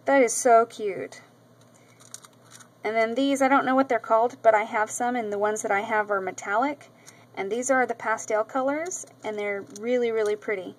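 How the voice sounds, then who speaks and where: Woman crafting vlogger, slightly high voice, chatty and effusive, loose casual delivery into the camera. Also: rough recording. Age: adult with a daughter. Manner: chatty, gushing, with many ums and repeats. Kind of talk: casual show-and-tell vlog. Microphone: camera mic.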